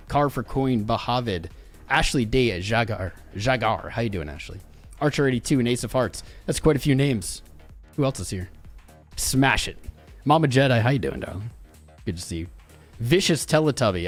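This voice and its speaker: A man's voice: mid-range voice, lively intonation, normal speed, soft background music. A male livestream host in casual chat, bantering and greeting viewers one by one by name. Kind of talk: casual live-stream chat.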